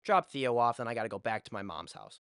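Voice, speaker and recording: A man's voice: mid-range voice, expressive, fast talker, fairly bright tone, clear, resonant tone, no room sound, clean studio sound. A young man telling a story to his vlog audience in a casual, rambling way, swearing freely. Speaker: vlogger. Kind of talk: story time.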